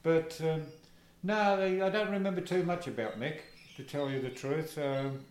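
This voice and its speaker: An older man with an Australian accent, telling stories as the interviewee in an oral history interview, casual and halting with plenty of fillers. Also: a little high, fairly even intonation, slight background noise. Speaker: interviewee, former soccer player. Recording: echoey room.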